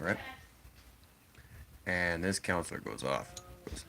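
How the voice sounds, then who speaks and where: A man's voice: low voice, measured pace, vocal fry, pauses often, a little hiss or hum. A man streaming live and telling a story casually to his chat, talking bluntly and swearing freely. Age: adult father. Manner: profane, blunt and animated.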